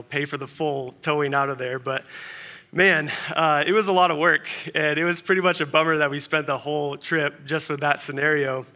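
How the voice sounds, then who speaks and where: A man's voice: on the high side, bright, forceful tone. A young adult man preaching a sermon, easygoing and conversational, telling a personal story before reading scripture. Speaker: pastor.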